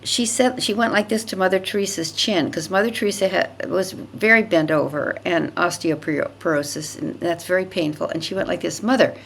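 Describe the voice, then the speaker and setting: A woman's voice: on the low side, steady tone, normal speed, vocal fry, hardly any pauses, fairly bright tone, a little hiss or hum. An older woman, a podcast guest, telling a personal story in a vivid, emphatic way, often repeating words for effect.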